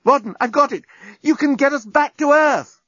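A man doing an excitable young woman, voice jumping high. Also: fairly quick, husky, no room sound, full character voice. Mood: excited. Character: excitable young woman, eager and quick-tempered. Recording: dull lo-fi recording.

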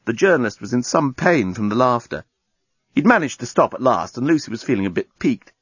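Husky male audiobook narrator. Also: mid-range voice, very animated, fairly quick, a bit bright, dry recording. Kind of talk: audiobook reading of a comic sci-fi story. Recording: dull lo-fi recording.

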